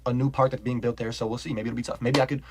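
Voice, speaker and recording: Over loud background music and poor audio, a young man with a medium-pitched voice races through a storytime. He rambles and curses, fills it with "like," and laughs animatedly as he tells it.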